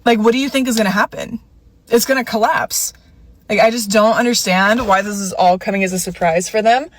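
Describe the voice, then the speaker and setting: A woman's voice: medium pitch, brisk, slight background noise. A woman speaking to camera in a sarcastic, exasperated way.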